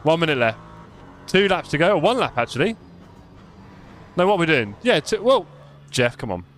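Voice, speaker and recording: Man, lively bouncing voice, slightly high, excitable race chatter, faint noise behind. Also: moderate pace. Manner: excitable, self-mocking, chatty. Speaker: streamer racing and commentating. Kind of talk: live sim racing commentary.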